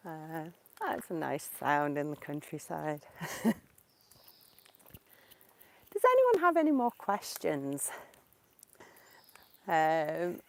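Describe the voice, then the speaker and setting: A woman in her thirties from England teaches English on a casual live stream while walking in the countryside, picked up by a portable mic. Her tone is smooth, clear and medium-pitched, and her unhurried, explanatory delivery answers viewer questions.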